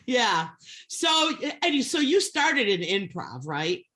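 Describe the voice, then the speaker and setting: A woman hosting a podcast, chatting in an excitable, rambling and profane way. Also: mid-range voice, takes it slowly. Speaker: podcast host. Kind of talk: casual chat.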